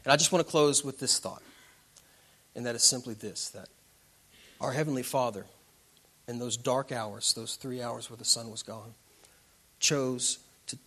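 Male preacher, bright tone, dramatic delivery that swings from hushed to loud. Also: medium pitch, a little slow, pauses often. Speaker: pastor. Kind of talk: sermon.

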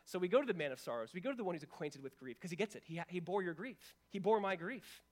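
A man preaching a sermon as pastor, earnest and conversational, with restarts and casual fillers, dropping to hushed passages and rising to emphatic ones. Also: high-pitched, animated, quick pace.

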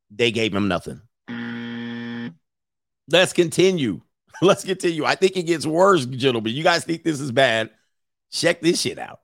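A man's voice: medium pitch, gravelly, no room sound, clean studio sound. A man giving casual, blunt reaction commentary to a video clip, speaking straight to his male viewers and swearing freely. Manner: blunt, profane, addresses viewers as gentlemen.

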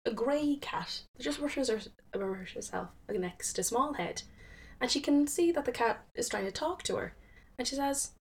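A woman casually retelling a folktale, chatty, with fillers and quick self-corrections. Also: high voice, animated, slight background noise. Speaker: storyteller.

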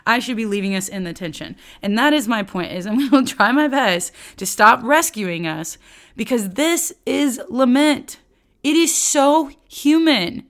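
A woman teaching the Bible on her podcast in a candid, animated, self-aware way, talking straight to her listeners. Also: fairly high pitch, measured pace. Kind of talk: conversational teaching.

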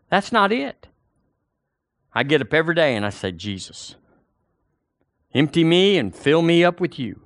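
Man preaching a sermon, slightly high voice, real animated, rises and drops a lot. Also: a little slow, long pauses, no room sound, studio quality. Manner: animated, emphatic, swings loud and soft.

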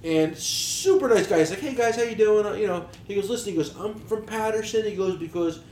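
A man's voice: sits high, a little fast, a little mellow, roomy sound, slight background noise. A man, telling stories in casual chat with blunt, profane language. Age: 40s. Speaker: podcast co-host, business owner.

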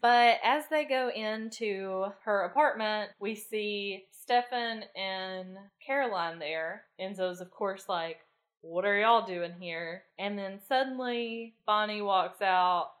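A woman's voice: medium pitch, takes it slowly, few pauses. A woman co-hosting a podcast, chatting casually and eagerly recapping a TV episode. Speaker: podcast co-host.

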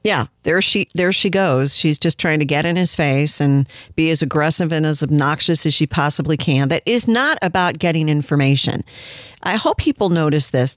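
This commentator reacts to a news clip with indignant, sarcastic opinion. The delivery is close to the mic in a dry, dead room, with a medium pitch. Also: dry recording. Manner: indignant, sarcastic, mocks quoted voices. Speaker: political commentator.

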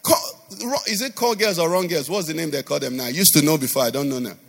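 Male pastor, high and lively voice, sing-song call-and-response preaching, long church-hall reverb. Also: fast talker, gravelly, slightly rough. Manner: sing-song emphatic delivery. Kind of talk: sermon.

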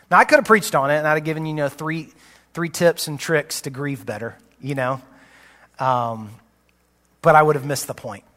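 A man in his late thirties preaching a sermon as a pastor, candid and conversational, often sinking to a low, soft voice. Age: late 30s. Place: church sanctuary. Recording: long reverb of a large hall.

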